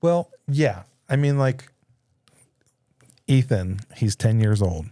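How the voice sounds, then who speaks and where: A man's voice: mid-range voice, lively intonation, slow pace, mellow, dry recording. A man in his thirties hosting a casual studio talk, telling a story with lots of laughter and acted-out voices. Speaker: podcast host. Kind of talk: casual conversation.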